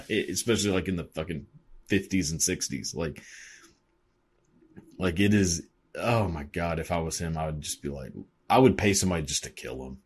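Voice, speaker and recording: A man's voice: deep voice, darkish tone, husky. A man in his twenties talking in a rambling, profane, casual monologue, full of fillers and laughter.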